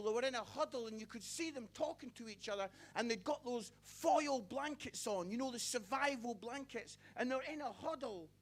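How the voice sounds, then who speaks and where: Very high-pitched man preaching passionately. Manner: passionate storytelling, rising to near-shouts. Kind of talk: sermon.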